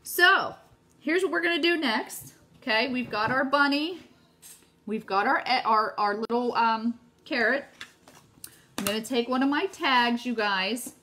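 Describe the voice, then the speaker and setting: A woman's voice: fairly high pitch, unhurried, sharp tone, a little hiss or hum. A middle-aged woman hosting a casual live crafting demo at home, chatting and gushing to her viewers as she works. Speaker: craft video host.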